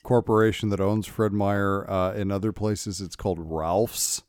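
Low-voiced man chiming in casually. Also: fairly even intonation, unhurried, a little mellow, clear, resonant tone, dry recording, studio quality. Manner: jokey interjections, explains for listeners. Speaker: podcast co-host. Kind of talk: casual chat.

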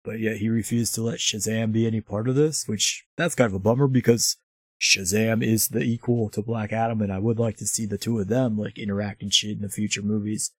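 A man's voice: lowish voice, steady tone, a little fast, slightly rough, no room sound, studio quality. A man casually recapping a movie in a profane, rambling way, throwing in mocking impressions. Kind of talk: casual chat.

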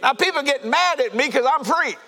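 A man preaching a fervent sermon to a congregation, shouting and laughing as he goes. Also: very high voice, expressive, fairly quick. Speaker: pastor. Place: church sanctuary. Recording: reverberant church hall.

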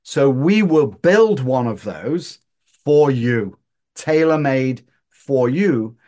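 A man's voice: mid-range voice, a little mellow. A man in his sixties from Northern England with a Northern English accent, a guest telling his career story in a joking, self-deprecating way. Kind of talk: casual interview chat.

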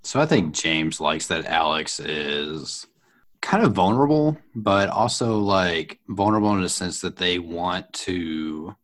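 A man playing a tabletop game, talking in a deliberate, unhurried way. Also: low voice, expressive, fairly bright tone. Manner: slow, deliberate. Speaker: player. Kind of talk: casual tabletop game play.

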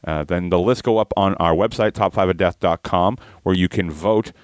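A man with a very low voice hosts a comedy podcast. He rambles casually through the show's rules with ums, uhs and laughs, recorded dry and close. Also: moderate pace, smooth, no echo. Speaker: podcast host. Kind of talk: casual chat, explaining the show format.

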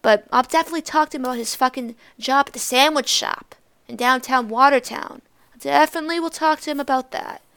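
A woman's voice: high-pitched, a little fast, fairly bright tone, smooth. A teenage girl from Massachusetts hosting a solo podcast, ranting in a blunt, profane and sarcastic way. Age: teens. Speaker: podcast host.

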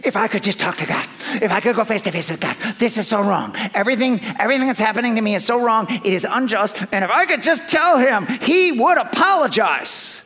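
A man voicing an aggrieved ancient man who demands justice from God, complaining fast with a rising, indignant tone. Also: sits high, lively intonation, pushed and bright, big-room sound, pitched above the performer's own voice, heavily acted.

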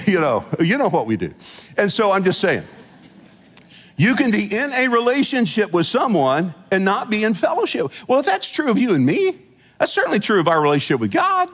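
Animated preacher in a reverberant church. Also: male voice, high-pitched, brisk. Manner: folksy, animated preaching with chuckles and asides. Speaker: senior pastor. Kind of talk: sermon. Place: church sanctuary.

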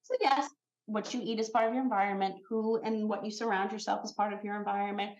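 A woman's voice: mid-range voice, fast, roomy sound, lo-fi sound. A woman who founded a skincare brand talks as a podcast guest in a casual chat. She tells stories with energy and acts out the quotes. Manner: animated storyteller, acts out quotes.

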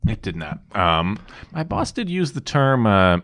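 A young man with a lowish voice tells stories in loose, casual podcast chat. His pitch swings widely and he breaks into laughter often. The sound is dry and close. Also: normal speed, no echo. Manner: animated storytelling with bursts of laughter. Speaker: podcast co-host.

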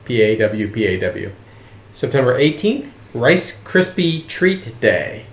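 A man with a mid-range voice hosts a podcast, reading out listings and sign-offs at a steady, plain pace. The sound is roomy and echoey. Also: mid-range voice, slow pace. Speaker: podcast host. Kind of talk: casual chat and reading out listings.

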